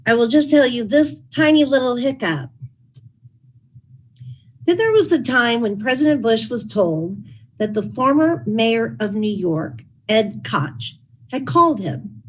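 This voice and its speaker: A woman's voice: a little high, lively intonation, measured pace, a little hiss or hum, rough recording. A middle-aged woman reading wry, dry-humored anecdotes from her own book at a public talk. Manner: wry storytelling with dry asides. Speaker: author and former chief of staff.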